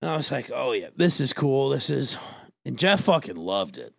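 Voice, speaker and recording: A man hosting a podcast, chatting casually in a rambling, halting way with many fillers. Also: mid-range voice, big pitch swings, vocal fry, no echo. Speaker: podcast host. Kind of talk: casual chat.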